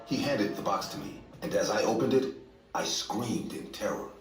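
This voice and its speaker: A man narrating a scripted horror story in a steady, measured way. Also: lowish voice. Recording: echoey distant room, faint music.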